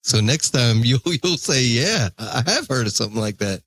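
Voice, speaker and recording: A man's voice: medium pitch, very animated, normal speed, fairly bright tone. Podcast host man with faint hiss. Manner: brief reactions and questions. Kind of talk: casual interview chat.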